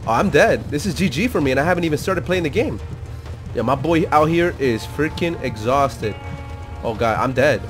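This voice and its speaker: A man hosting a gaming channel, giving let's-play commentary in an excitable, slangy way and jumping into loud outbursts. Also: a little high, normal speed, soft background music.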